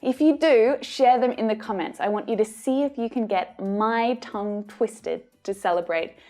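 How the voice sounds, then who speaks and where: A woman with an Australian accent teaching English pronunciation, modelling each sound slowly and carefully. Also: a little high, warm tone, faint music behind. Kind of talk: pronunciation lesson.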